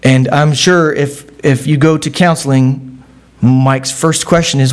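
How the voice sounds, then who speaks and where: Slow-speaking pastor, chatty sermon. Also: male voice. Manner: conversational, frequent asides like "right?" and "okay?"; animated, pitch jumps when quoting.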